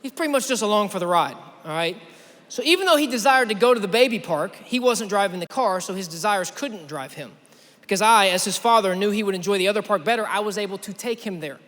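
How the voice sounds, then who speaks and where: A young man preaching at a youth conference, telling a lively story and talking straight to the crowd. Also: sits high, fast. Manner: energetic storytelling, addresses the crowd directly. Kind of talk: sermon. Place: large church auditorium. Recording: long hall reverb.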